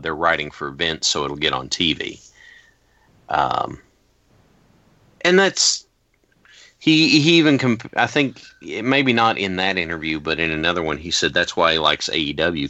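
A man hosting a casual podcast, telling stories in an animated way and acting out quotes. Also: deep voice, no echo. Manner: animated storyteller, acts out quotes. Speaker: podcast host.

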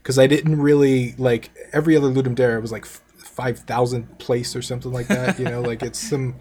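A man's voice: mid-range voice, level tone, a little fast, a little mellow. Rambling casual male game developer. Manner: rambling, full of "like", casual and loose. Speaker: guest, game developer and YouTuber. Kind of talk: casual interview chat.

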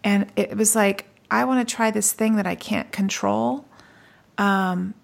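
A woman in her forties co-hosting a podcast, telling stories in a lively casual chat and swearing freely. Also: mid-range voice, unhurried, vocal fry. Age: 40s. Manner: animated storyteller, swears freely. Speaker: podcast co-host.

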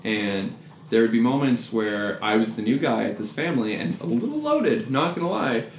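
A man's voice: mid-range voice, sing-song, moderate pace. A man casually telling a profane, self-deprecating story, now and then mimicking people's voices. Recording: echoey room with faint noise.

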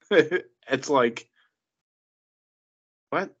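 A man in casual political chat, mocking and profane, with animated impressions. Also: mid-range voice, takes it slowly, long pauses. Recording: dull lo-fi sound.

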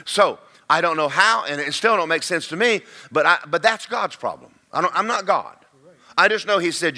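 A man's voice: on the high side, animated, brisk, pushed and bright. A man preaching a sermon, talking to his congregation in a chatty way, telling stories and repeating himself for effect. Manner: conversational preaching with storytelling and repetition. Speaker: pastor.

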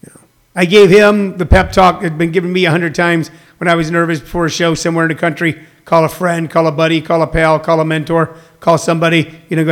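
Chatting casually from home, a sixty-something comedian runs a loose livestream, going through viewers' comments and promoting upcoming shows. He speaks at a moderate pace in a voice that sits high, with vocal fry.

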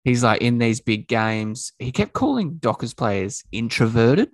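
A man's voice: mid-range voice, very animated, measured pace, dry recording. A man co-hosting a podcast, chatting loosely about footy and slipping into mimicry when retelling what others said. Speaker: podcast co-host. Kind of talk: casual sports chat.

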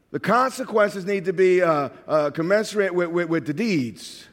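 A man with a New York accent preaching a sermon, emphatic, moving from quiet asides to shouted points. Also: high voice, normal speed, few pauses. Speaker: pastor.

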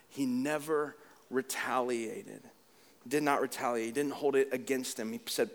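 A middle-aged man preaching a sermon as pastor, animated and conversational, with humor and repetition. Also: mid-range voice, normal speed.

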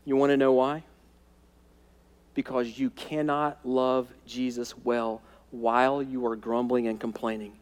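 A man preaching a sermon as pastor, emphatic, repeating key phrases and dropping to quiet intensity. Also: mid-range voice, level tone, a little slow, clear, resonant tone, in a large hall. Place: church sanctuary.

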